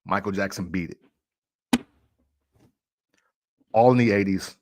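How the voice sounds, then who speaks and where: A man's voice: low-pitched, slow, noisy background. A man hosting a casual music talk show, arguing playfully and laughing often.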